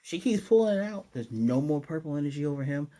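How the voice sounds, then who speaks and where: Excitable man rambling through an anime recap. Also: on the high side. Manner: excitable and rambling, often restarts sentences; acts out characters' lines in quick impressions. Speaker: anime episode reviewer. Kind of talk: casual spoken episode recap.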